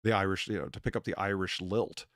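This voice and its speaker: A man's voice: low voice, steady tone, quick pace, fairly bright tone, no room sound, studio quality. A man from the United States hosting a live stream, chatting casually in a rambling, profane way that is full of restarts. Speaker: streamer and bartender host.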